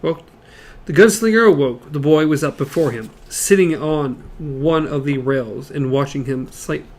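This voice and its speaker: A man with a fairly high voice reads chapter passages aloud in a casual podcast chat. He stumbles over words and breaks off to joke about the text. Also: unhurried, a little hiss or hum. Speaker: podcast co-host. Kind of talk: casual book discussion, reading passages aloud.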